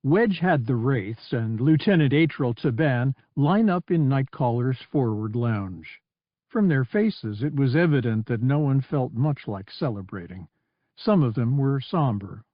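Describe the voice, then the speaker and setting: A man narrating an audiobook with an even, descriptive delivery at a mid pitch. The sound is dry and a little dull, with no room around it. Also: unhurried, no room sound.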